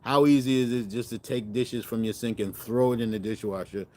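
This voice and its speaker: A man's voice: mid-range voice, steady tone, a little fast, dark tone. A middle-aged man hosting a cooking channel, chatting casually to viewers in a rambling, self-correcting way and animating his stories.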